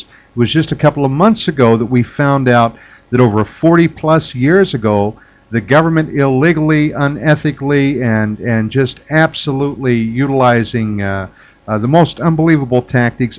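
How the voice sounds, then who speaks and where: A man hosting a call-in radio talk show, speaking emphatically and taking callers. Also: mid-range voice. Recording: dull lo-fi radio broadcast.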